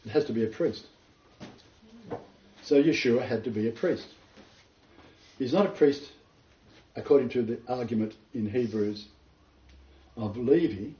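A man's voice: medium pitch, a little slow, long pauses. A man leading an informal Bible study, explaining scripture in an earnest, detailed way. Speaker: Bible teacher. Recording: roomy, distant, dull lo-fi sound.

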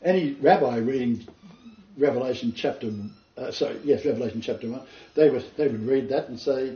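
A man of medium pitch, talking a little fast, teaches an informal Bible study, going through scripture earnestly and thoroughly. Sound quality is roomy, distant, dull and lo-fi.

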